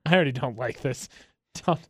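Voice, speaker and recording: A man's voice: mid-range voice, fairly quick, dry recording, clean studio sound. A man co-hosting a radio show, chatting casually and often mocking people in exaggerated voices. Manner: animated, mocking voices for bad parkers.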